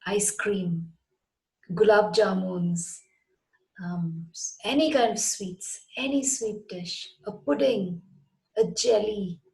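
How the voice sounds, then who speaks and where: A woman gives a scripted lesson to her channel's viewers. She talks at an unhurried pace and spells words out letter by letter. Her pitch sits in a middle range. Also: gravelly, a little mellow, rough recording. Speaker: English teacher.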